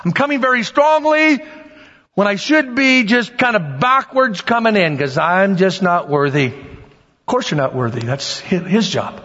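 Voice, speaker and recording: A man preaching an animated sermon as pastor, swinging between loud bursts and quiet asides. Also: high voice, unhurried. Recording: dull lo-fi sound with long hall reverb.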